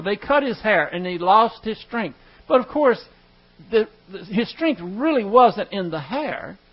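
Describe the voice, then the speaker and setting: Male preacher, high voice, folksy joking Bible teaching; muffled lo-fi recording with hum. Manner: chatty, joking asides, reads scripture aloud. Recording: dull lo-fi recording with mains hum.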